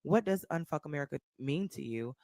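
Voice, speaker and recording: A lively woman from Texas hosts her own livestream, her voice swooping up and down as she reacts to the comments coming in. She swears without a second thought and talks to her viewers like friends. The sound is close and dry. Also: sits low, a little fast, no echo. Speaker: livestreamer and podcaster. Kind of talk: casual livestream chat.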